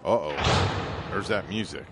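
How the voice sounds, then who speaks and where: A man's voice: low voice, slow pace, over loud music. A man co-hosting a morning radio show, jokey and chatty, bantering and interviewing a guest.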